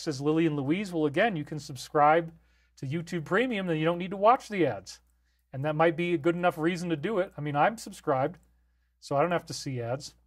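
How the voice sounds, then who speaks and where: A man's voice: fairly high pitch, fairly quick. A man hosting a live stream, reading viewer comments aloud and answering them in an easygoing, off-the-cuff way.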